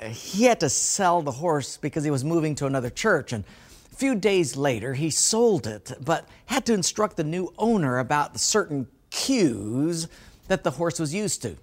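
A man's voice: a little high, sing-song, moderate pace. A man preaching a sermon as a pastor, telling folksy stories and laughing at his own jokes.

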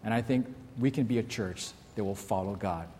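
A middle-aged pastor speaks a little fast in a lowish voice while preaching in a church, animatedly telling stories and acting out their people, shouts and kids' voices included. The audio has a big-room sound and slight background noise.

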